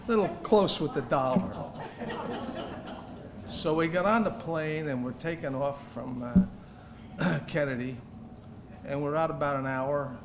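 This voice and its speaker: A man stands at a gala and tells a funny anecdote in a teasing, storytelling voice. His pitch sits a little high, and steady room noise hums behind him. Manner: jokey, teasing anecdote with laughs. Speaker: gala speaker telling a story. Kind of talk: storytelling toast. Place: banquet hall at an evening gala.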